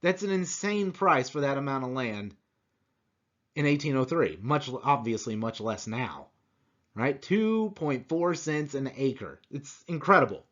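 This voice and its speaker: A man teaching a conversational history lecture, animated and full of rhetorical asides. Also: mid-range voice, unhurried, lo-fi sound.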